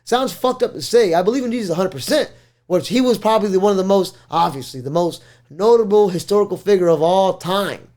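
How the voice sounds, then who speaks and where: High-pitched animated man on a podcast. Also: fairly quick. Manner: animated, swearing, slangy, laughs often. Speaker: podcast host. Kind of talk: casual podcast chat.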